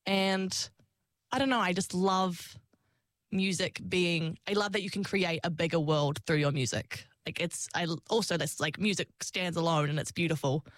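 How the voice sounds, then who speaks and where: A young woman who sings and acts chats as an interview guest, telling casual stories, laughing often and performing her own past lines. Her voice sits on the low side, steady at a normal speed, in a dry recording.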